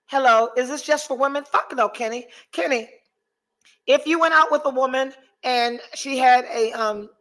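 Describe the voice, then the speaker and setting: With a fairly high, bright voice and a forceful tone, a woman runs a casual podcast. She tells a story packed with profanity and reads viewers' live chat comments aloud.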